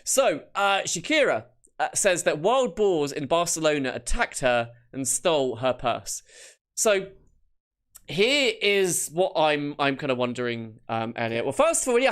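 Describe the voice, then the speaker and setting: Guy co-hosting, teasing and rambling, kinda high voice. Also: a bit bright. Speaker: co-host. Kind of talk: comedic banter.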